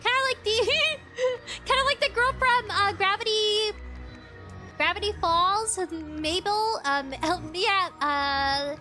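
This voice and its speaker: A woman streaming a game from home, chatting casually in a giggly, animated, rambling way. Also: extremely high pitch, slow, over music. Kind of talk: casual live-stream chat. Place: home room with a computer and a dog.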